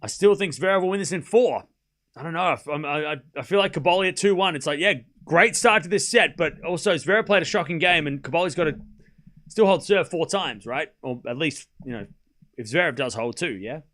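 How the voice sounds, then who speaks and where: Male stream host, casual tennis watchalong, lively pitch that jumps on big points. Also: a little fast. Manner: chatty, jumps between calling points and thanking viewers. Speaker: livestream host.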